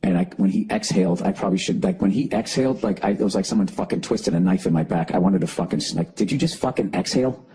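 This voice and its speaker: A man's voice: low voice, quick pace, few pauses, warm tone, husky. A man hosting a solo comedy podcast, ranting in an exasperated, profane way. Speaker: podcast host.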